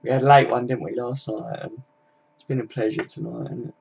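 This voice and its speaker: A man's voice: mid-range voice, fairly even intonation, a little fast, vocal fry, darkish tone, husky, highs cut off. A tired young man chatting casually and swearing freely as he wraps up a football live stream.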